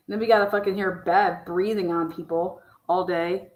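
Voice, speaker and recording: A woman's voice: lowish voice, steady tone, moderate pace, hardly any pauses, darkish tone, echoey room, poor audio. A woman giving blunt, angry, profanity-heavy commentary on a livestream, swearing constantly as she rants.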